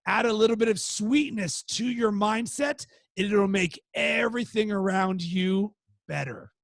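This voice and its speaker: Guy hosting a pep talk webinar, kinda high gravelly voice, dry close mic, acts out the yelling bits. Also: unhurried, no echo. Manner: animated storytelling, acts out quoted outbursts. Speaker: webinar host. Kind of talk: motivational talk.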